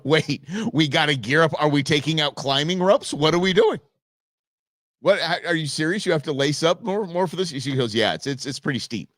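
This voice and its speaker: A man in his fifties hosts a show and tells a personal story in a loose, joking way. His pitch climbs and drops a lot as he acts out both sides of a conversation. His voice sits a little high for a man, and the sound is dry and close. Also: normal speed, dry recording. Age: 50s. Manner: animated, joking, acts out quoted exchanges. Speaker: show host. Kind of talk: casual storytelling monologue.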